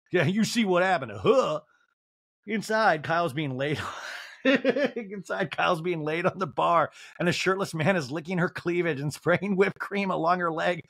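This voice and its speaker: A man's voice: high voice, creaky, a bit bright, dry recording. Campy man recapping with a dry sound. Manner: campy, mocking, breaks into laughter. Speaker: podcast host. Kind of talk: comedic TV recap.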